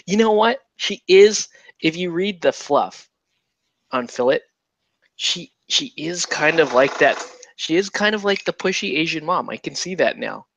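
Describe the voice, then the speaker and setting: A man's voice: on the high side, expressive, unhurried, creaky, a bit bright, no room sound. A man hosting a casual painting stream, rambling and joking over a headset mic with many restarts. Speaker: host of a miniature painting stream. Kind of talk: casual chat.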